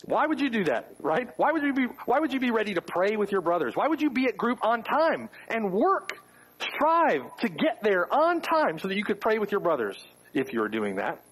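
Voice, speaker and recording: Husky-voiced pastor preaching a lively sermon. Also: male voice, high-pitched, normal speed, rough recording. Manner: rhetorical questions, wry asides. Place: church.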